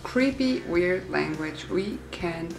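A woman's voice: fairly low pitch, animated, takes it slowly, gravelly. A young Swiss woman with a Swiss German accent, vlogging in a playful, mock-serious way. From Switzerland. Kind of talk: casual sarcastic vlog. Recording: roomy indoor echo, faint music.

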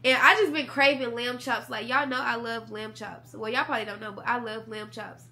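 A woman's voice: on the high side, steady tone, brisk, sharp tone. Sick young woman with a stuffy nose. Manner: chatty, keeps addressing viewers as y'all. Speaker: vlogger. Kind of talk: casual chat to camera. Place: at home in bed. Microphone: camera mic.

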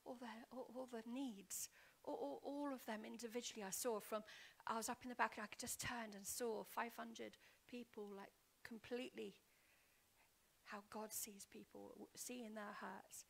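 A woman preaching a heartfelt testimony in church, telling her story earnestly and repeating words as she goes, often sinking to a hushed whisper before building up loud. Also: on the high side, steady tone, normal speed, vocal fry, slightly rough. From Wales. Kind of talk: sermon testimony. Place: church hall.

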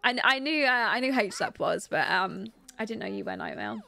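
A woman's voice: mid-range voice, wildly swooping pitch, normal speed, gravelly, pushed and bright. A young British woman chatting casually while streaming a life-simulation game, reading and answering chat and giggling often. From Britain. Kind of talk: casual gameplay commentary.

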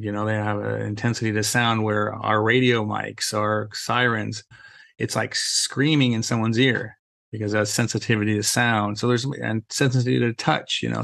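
A middle-aged man with a lowish, fairly bright voice and some vocal fry chats as a podcast guest, telling stories casually. He's a safety trainer, acts out snippets of dialogue, and uses plenty of "you know," all captured in a dry recording.

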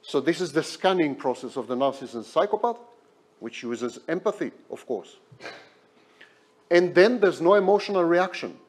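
A man's voice: a little high, a little mellow. A man lecturing at a hospital, emphatic and repeating key words for effect. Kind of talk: academic lecture.

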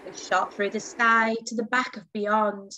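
A woman teacher reading a picture book aloud to children, with big leaps in pitch on key words. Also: little pitch movement, a little slow, pushed and bright, slight background noise.

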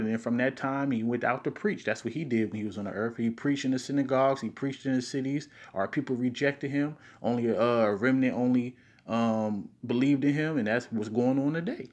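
A man with a speech impediment teaching from scripture in a video, stressing key words as he reads verses aloud. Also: mid-range voice. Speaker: Bible teacher.

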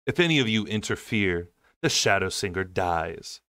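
A man voicing a cruel, mocking king, speaking slowly in a low, drawn-out tone. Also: animated, sharp tone, no room sound, studio quality, exaggerated voice.

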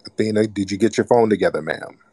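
Host type: low-voiced man, mocking and scolding tone, call-in show, dry close sound. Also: fast talker, mellow, breathy edge, no room sound. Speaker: host of live call-in broadcast. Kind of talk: casual call-in radio talk.

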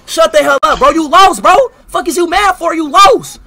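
Male streamer, brash and loud, gravelly fry under a bright, sharp tone. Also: extremely high pitch, normal speed. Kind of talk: live stream banter.

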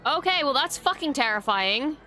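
A woman hosting a reaction video, excitably commenting, gushing and swearing freely. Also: high voice, moderate pace, soft background music.

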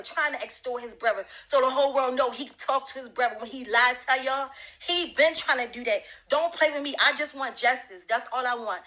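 A woman's voice: high-pitched, bright, forceful tone, low-quality recording. A woman addressing someone directly, confrontational and repetitive, repeating her demands with emphasis.

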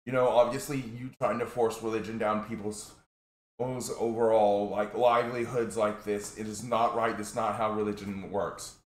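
A man's voice: lowish voice, little pitch movement, normal speed, lightly acted. A man voicing a blunt, fed-up male restaurant manager who talks matter-of-factly. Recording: echoey room.

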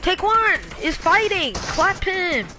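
High-voiced excited teen boy gamer. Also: slow pace, background noise. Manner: playful, teasing, excited callouts. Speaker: streamer. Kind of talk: gaming stream chat.

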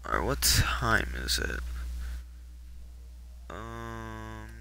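Slow, gravelly male gamer streaming. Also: fairly low pitch, expressive, sharp tone, a little hiss or hum, poor audio. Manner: laid-back, profane, muttering. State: sleepy. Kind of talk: casual live gameplay commentary.

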